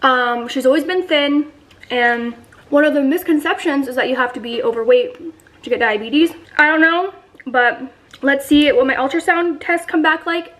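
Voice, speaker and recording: A young woman in her twenties chats to her vlog camera in a loose, rambling way, full of fillers. Her voice sits high. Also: moderate pace, a bit bright, rough recording. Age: 20s. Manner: chatty, rambling, filler-heavy. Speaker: vlogger. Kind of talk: casual vlog chat.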